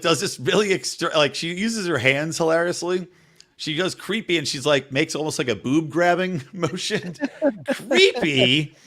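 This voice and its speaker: A man co-hosting a podcast, recapping a TV show in casual chat and acting out quotes as he tells the story. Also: fairly high pitch. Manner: animated storytelling, acts out quotes, laughs often. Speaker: podcast co-host.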